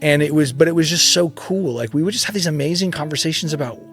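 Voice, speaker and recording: A man around fifty, a podcast guest, telling a story in casual chat, animated, acting out voices and laughing often. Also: on the high side, fast talker, faint music behind.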